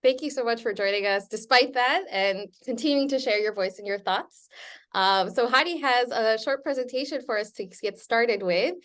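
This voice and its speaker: A woman's voice: a little high, moderate pace, fairly bright tone. A woman hosting a live stream, upbeat and welcoming as she introduces a guest over a video call. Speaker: host.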